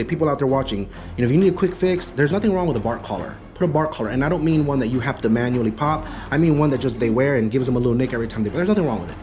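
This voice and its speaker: A man working as a dog trainer, giving an in-home consultation in an emphatic, repetitive teaching manner. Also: mid-range voice. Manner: emphatic, repetitive teaching, acts out excited praise.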